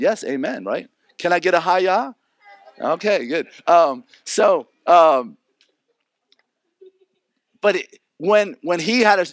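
A man preaching a sermon, animated, acting out the people in his stories. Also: a little high, no echo. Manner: animated, acts out characters. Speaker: pastor.

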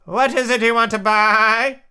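A man voicing a fussy old female sheep who keeps a shop and knits, in a high, drawn-out delivery from a storybook reading. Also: steady tone, bright, forceful tone, smooth, heavily acted. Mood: querulous.

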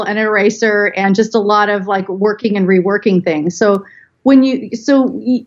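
A woman guest on a podcast tells a story from her working life, chatty and animated. Her voice sits mid-range. The recording sounds slightly dull and lo-fi. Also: medium pitch. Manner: chatty, animated anecdote telling with laughs. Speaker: guest, business consultant.

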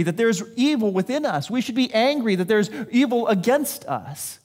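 Lively high-voiced man preaching. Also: normal speed. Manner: conversational, self-deprecating preaching with acted-out quotes. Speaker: pastor. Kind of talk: sermon.

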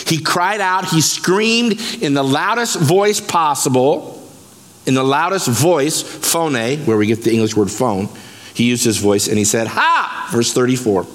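A man pastor preaching a sermon, lively and emphatic, breaking scripture down word by word. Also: medium pitch, measured pace. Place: church sanctuary. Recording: long reverb of a church hall.

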